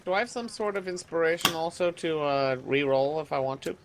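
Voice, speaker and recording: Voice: mid-range voice, a little fast, very noisy. A player in a tabletop role-play, talking in a hesitant, playful way.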